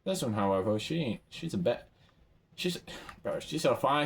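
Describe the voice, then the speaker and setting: Male gamer, casual shop commentary, excitable, rambling, sudden high pitch jumps. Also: moderate pace. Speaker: gamer browsing an item shop.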